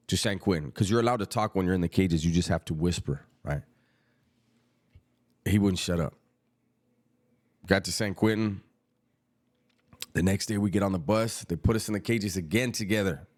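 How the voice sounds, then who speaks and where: A middle-aged man, telling a story about prison in casual street slang, unhurried and reflective. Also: sits low, darkish tone.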